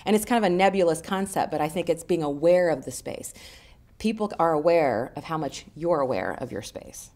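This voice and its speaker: Low-voiced woman coaching on communication. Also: brisk. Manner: animated, conversational, explanatory. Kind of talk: interview answers.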